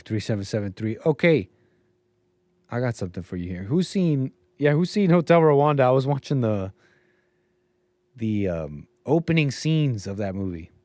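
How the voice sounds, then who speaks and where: A man's voice: fairly low pitch, expressive, moderate pace, pauses often, a little mellow, no echo. A man hosting a livestream commentary show, rambling and musing aloud and often trailing off mid-thought. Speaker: show host.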